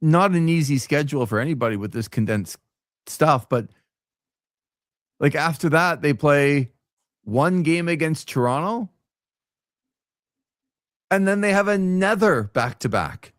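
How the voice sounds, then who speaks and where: A man co-hosting a sports show, chatting casually in an animated, jokey way and repeating phrases for effect. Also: fairly high pitch, a little slow, long pauses, dry recording, studio quality.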